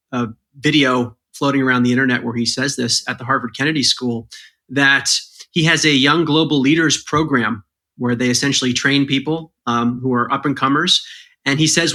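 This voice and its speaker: Measured male author with a bright voice. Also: medium pitch. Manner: measured, methodical, explains step by step. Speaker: podcast guest, author. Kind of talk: explanatory podcast conversation.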